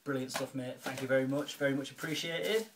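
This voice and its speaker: A man talks through an unboxing in a relaxed home vlog, full of ums, restarts and repeated thanks. His voice sits at an ordinary middle pitch. A faint hiss stays under the recording. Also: a little fast. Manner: chatty and grateful, lots of fillers and restarts. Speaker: video blogger, film collector.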